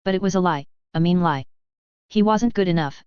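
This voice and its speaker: A woman narrating a science fiction story in a steady, even storytelling voice, in a dull lo-fi recording. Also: lowish voice, a little fast, clean tone, no room sound. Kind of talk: audiobook narration of a sci-fi story.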